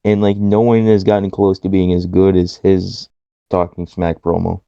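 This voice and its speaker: A man's voice: low voice, completely flat delivery, normal speed, vocal fry, dark tone, smooth, no echo, dull audio. A man co-hosting a podcast in casual chat, blunt and swearing freely, laughing often. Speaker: podcast co-host.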